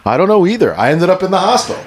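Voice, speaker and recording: A man's voice: sits high, big pitch swings, rapid-fire. A middle-aged man co-hosting a podcast in casual chat, jokey and teasing, fond of doing silly voices. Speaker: podcast co-host.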